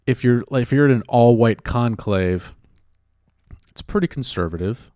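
A man's voice: medium pitch, moderate pace, mellow, no room sound, studio quality. A man from California who works as an actor and writer talks in a casual chat. He is sarcastic and profane, and he rambles with many restarts.

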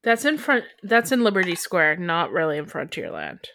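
A woman's voice: on the low side, wildly swooping pitch, normal speed, gravelly, sharp tone, a little hiss or hum. A woman from western Canada co-hosting a podcast in casual chat, rambling and restarting her thoughts as she goes. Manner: chatty, trails off and restarts mid-thought. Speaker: podcast co-host.

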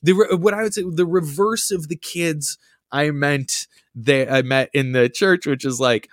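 A man's voice: on the high side, measured pace, dry recording, studio quality. A young adult man, a podcast guest, telling casual stories and acting out quotes in a raised voice. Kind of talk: casual storytelling chat.

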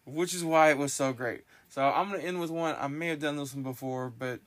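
A man hosting a podcast in casual chat, telling stories in a rambling, animated way with lots of restarts. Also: fairly high pitch, fairly quick. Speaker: podcast host.

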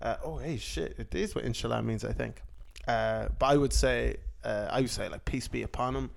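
A man's voice: medium pitch, normal speed, vocal fry. A young man co-hosting a casual comedy podcast, joking, laughing often and acting out bits in put-on voices. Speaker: podcast co-host.

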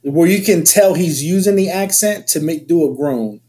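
Male co-host, rambling casual chatter, slightly high voice. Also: moderate pace, warm tone. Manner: rambling, restarts sentences often. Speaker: podcast co-host. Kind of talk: casual chat.

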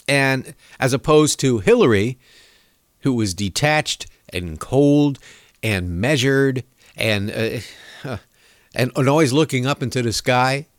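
A man's voice: mid-range voice, slow, dry recording, clean studio sound. A man hosting his own show, giving rambling, sarcastic political commentary with the odd chuckle. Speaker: podcast host.

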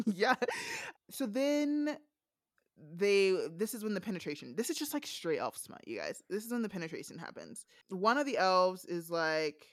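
A woman's voice: mid-range voice, big pitch swings, unhurried, dry recording, studio quality. A young woman recapping a book in a casual podcast chat, frank and amused, with many fillers. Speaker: podcast co-host recapping a novella. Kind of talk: casual chat, reading quotes aloud.

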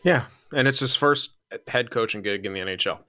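Bright-toned man chiming in agreement. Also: mid-range voice, a little fast. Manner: short agreeing interjections. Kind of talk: casual sports chat.

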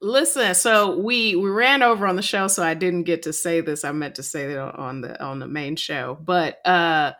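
A woman co-hosting a podcast in a studio, speaking in a measured, hesitant way with frequent fillers. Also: fairly low pitch, a bit bright. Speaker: podcast co-host. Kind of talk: casual chat.

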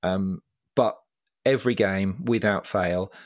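A man's voice: deep voice, slow pace, no echo, clean studio sound. A man co-hosting a casual podcast, rambling through stories with lots of restarts. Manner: rambling, animated when telling stories, mimics voices. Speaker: podcast co-host.

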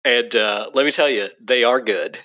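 A man co-hosting a podcast in casual chat, with a deadpan tone. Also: mid-range voice, normal speed. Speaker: podcast co-host. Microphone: remote call.

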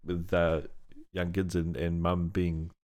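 A man's voice: deep voice, completely flat delivery, slow pace, darkish tone. A man co-hosting a podcast in a studio, rambling casually with lots of fillers, easy laughs and offhand swearing. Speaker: podcast co-host. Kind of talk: casual chat.

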